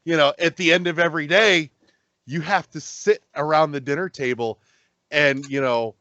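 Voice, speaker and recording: A man co-hosting a casual gaming podcast, rambling and swearing as he gets excited about games. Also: on the high side, normal speed, dry recording, highs cut off. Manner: rambling, profane, animated when excited. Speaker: podcast co-host.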